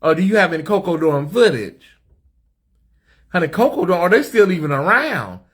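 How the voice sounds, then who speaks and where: A man's voice: high-pitched, big pitch swings, normal speed, slightly rough. An American man hosting a live stream from a hotel suite, sassy and chatty, talking straight to his viewers in the comments. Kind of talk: casual live-stream chat.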